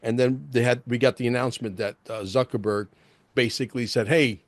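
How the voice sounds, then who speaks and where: A male host in casual interview chat, excitable and rambling, peppering his talk with "bro" and "like". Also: mid-range voice, brisk, no room sound.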